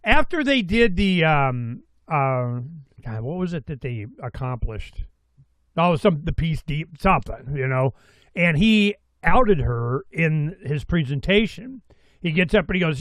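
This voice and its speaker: A man's voice: on the high side, expressive, measured pace, fairly bright tone, no room sound, low-quality recording. A man hosting a talk show, chatting loosely and rambling through his questions. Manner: rambling, loose, with many restarts. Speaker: host. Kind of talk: casual chat.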